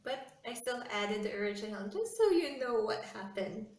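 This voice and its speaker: A woman's voice: fairly high pitch, expressive, moderate pace. A woman, chatting in a casual, rambling, heartfelt vlog, often correcting herself mid-sentence. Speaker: vlogger. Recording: roomy echo, distant mic, ambient noise.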